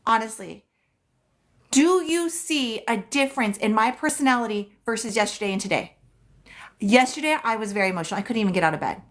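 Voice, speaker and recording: A woman's voice: fairly high pitch, fast. A woman hosting a casual psychic livestream, chatty and loose, who swears and repeats phrases for emphasis. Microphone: phone.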